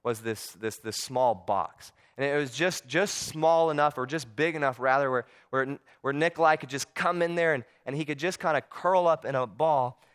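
Smooth-voiced man telling a sermon story. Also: mid-range voice, normal speed, few pauses, fairly bright tone. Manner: earnest, repeats words often. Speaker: preacher.

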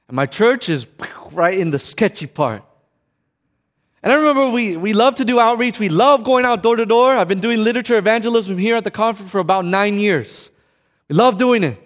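A man preaching a sermon, telling stories dramatically and swinging from loud to hushed. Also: high-pitched. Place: church sanctuary. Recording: long reverb of a church sanctuary.

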